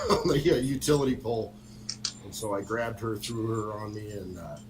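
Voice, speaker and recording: A middle-aged man spins a rambling story full of fillers and laughs. His pitch moves a lot. The call audio carries steady noise. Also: low-quality recording. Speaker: guest on a motorcycle talk stream. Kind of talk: casual storytelling chat.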